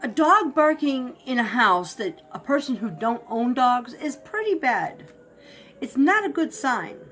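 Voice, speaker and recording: Woman, higher voice, lively storyteller, ghost tale, faint music behind. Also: a little slow. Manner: animated, acts out barks and shouts. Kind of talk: casual spoken ghost story.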